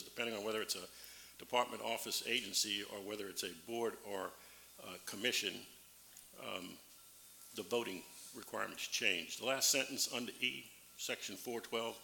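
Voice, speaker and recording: A man serving as a parish councilman gives a formal floor speech, pausing often and reading legal text aloud slowly. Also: on the low side, gravelly, bright, forceful tone. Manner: halting, reads legal text aloud slowly with many fillers. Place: council chamber. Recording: echoey meeting room with faint background hum.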